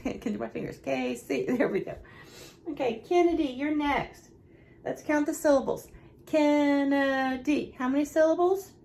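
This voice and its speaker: A young woman, a nursery teacher going slowly and encouragingly through a lesson for small children. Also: sits high, creaky, mellow. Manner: slow, sing-song, encouraging teacher talk.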